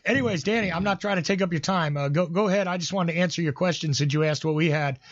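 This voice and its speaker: A man's voice: a little high, fast, no room sound. A man with a Northeastern US accent, co-hosting a call-in show in a rambling, jokey way with lots of fillers, on muffled lo-fi audio. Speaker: regular co-host. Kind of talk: casual call-in banter.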